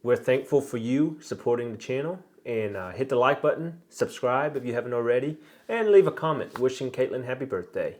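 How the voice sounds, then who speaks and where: A man hosting a family vlog as the father, talking gently and coaxing his toddler to count. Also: medium pitch, animated, brisk, few pauses. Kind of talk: casual family vlog talk.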